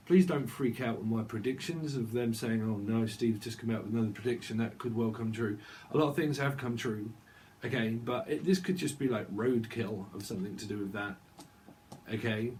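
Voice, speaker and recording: At a moderate pace and with a slightly mellow, medium-pitched voice, a man gives a channelled tarot reading, with slight background noise behind him. His talk wanders by free association, broken by occasional laughter and bits of sung songs.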